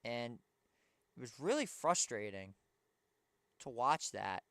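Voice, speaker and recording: A young male sports show host, tired, yawning, and frustrated, gives pregame basketball commentary as a fan. His clean, resonant voice is medium-pitched and fairly bright, slow with big pitch swings, recorded dry in a dry room.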